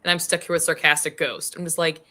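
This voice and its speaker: A woman's voice: low voice, level tone, fast talker, background noise. A woman giving wry, dry commentary in a casual book club chat.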